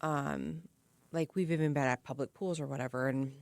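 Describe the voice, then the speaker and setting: A woman chats on a true-crime podcast, weighing in with emphatic opinions and personal anecdotes. Her voice sits very low for a woman. The sound is dry and close to the mic. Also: fairly even intonation, moderate pace, vocal fry, no room sound. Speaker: podcast co-host.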